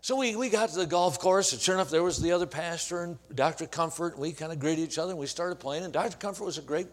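An evangelist in his sixties tells a story from his own life. His voice sits a little high for a man. He speaks folksy and earnest, restarts his sentences and drops into quiet asides. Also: fast. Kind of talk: storytelling sermon.

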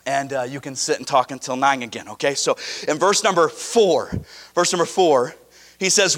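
A man preaching a sermon to his congregation, emphatic and animated, mixing scripture reading with casual asides. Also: medium pitch, normal speed. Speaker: pastor.

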